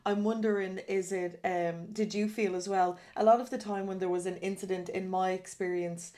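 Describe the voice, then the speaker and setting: A woman hosting a podcast who asks thoughtful, searching questions in a relaxed, casual chat. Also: mid-range voice, normal speed. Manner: curious, asks reflective questions with fillers. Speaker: podcast host. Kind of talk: casual conversation.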